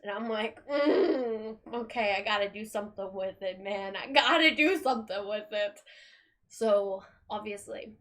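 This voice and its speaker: A woman's voice: mid-range voice, a little slow, fairly bright tone. A young woman streamer in casual chat, rambling, swearing often and laughing between thoughts.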